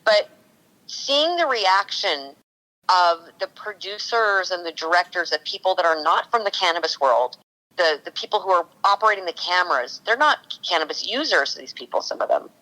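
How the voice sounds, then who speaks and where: Interviewed casually on a podcast, a cannabis consultant for a TV show, originally from California, tells stories with plenty of enthusiasm. She speaks at normal speed in an expressive, sharp, lowish voice, captured in a low-quality recording.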